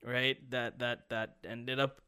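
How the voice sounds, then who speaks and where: Bright-voiced young man telling a story. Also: mid-range voice, takes it slowly, smooth. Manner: animated storytelling, heavy swearing; many restarts and filler words. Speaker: podcast host. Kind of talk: casual podcast chat.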